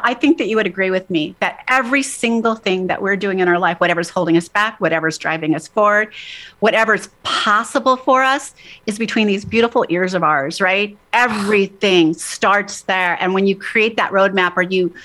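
A woman co-hosting a casual talk show in an upbeat, motivational way. Her voice is bright and forward, and her pitch is average. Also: moderate pace. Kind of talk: casual chat.

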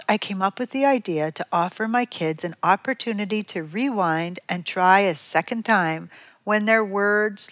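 A middle-aged woman, a parent educator, reading a prepared piece on parenting in an even, measured tone. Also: on the low side, no echo.

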